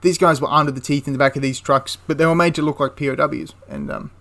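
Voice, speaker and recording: A man's voice: a little high, steady tone, fast, vocal fry, a bit bright. A man casually retelling a wartime story for a history channel, rambling with frequent restarts and asides.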